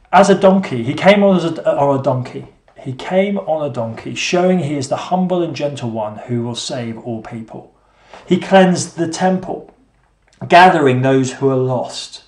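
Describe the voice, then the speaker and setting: Man preaching in an echoey hall. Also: mid-range voice. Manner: rhetorical questions and repeated phrases; swings between emphatic and hushed delivery. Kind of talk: sermon. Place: church hall. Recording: echoey room.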